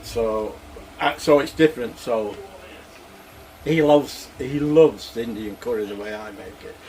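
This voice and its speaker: A man's voice: mid-range voice, unhurried, darkish tone. An older man chats casually while he cooks at home, rambling and chuckling as he talks. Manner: rambling, chuckling, plain-spoken. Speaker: cooking vlogger. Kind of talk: casual cooking chat.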